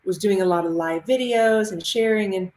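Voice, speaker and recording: A woman from Ohio who teaches mindful movement, answering interview questions over a video call in a measured, thoughtful way. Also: mid-range voice, a little mellow. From Ohio, United States. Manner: measured, thoughtful, with pauses and fillers. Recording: roomy echo.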